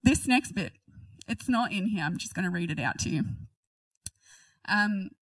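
A woman's voice: mid-range voice, expressive, normal speed, a bit bright, no room sound, recorded from a distance, poor audio. A woman reading a Bible passage aloud and commenting on it in a chatty, giggly way. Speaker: Bible teacher.

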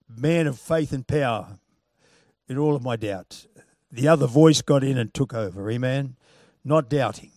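A man preaching a sermon, moving from loud, punchy calls to quiet, chuckling storytelling. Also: mid-range voice, normal speed, no echo, studio quality.

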